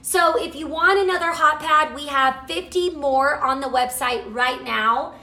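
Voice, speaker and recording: A woman hosting a live cooking chat from her home kitchen, gushing excitedly and reading out viewer comments to her camera. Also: high-pitched, unhurried, reverberant. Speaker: cooking show host selling products. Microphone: camera mic, moves off camera at times.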